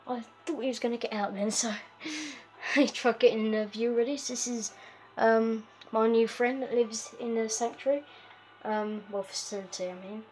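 A woman's voice: a little high, steady tone, normal speed, darkish tone. A woman hosting a casual game walkthrough, chatty and giggly, with lots of fillers and a habit of talking to her pet. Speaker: gaming video host.

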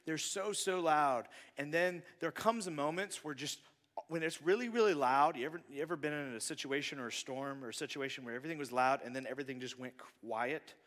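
A man preaching a conversational sermon as pastor, moving between loud bursts and hushed near-whispers. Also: fairly high pitch, a little fast. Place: church sanctuary. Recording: long church hall reverb.

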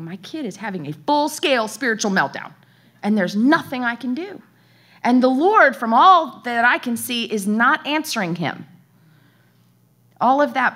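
A woman in her thirties, a worship leader giving an emotional testimony sermon, her voice rising high in quoted pleas and dropping to near-whispers. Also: animated, unhurried, a bit bright. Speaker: worship leader and conference speaker.

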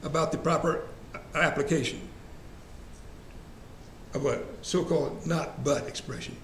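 A man's voice: a little high, unhurried, creaky, a bit bright. A man leading a church Bible study class in a conversational way, asking the group questions and repeating verse references. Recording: echoey room, faint ambient hiss.

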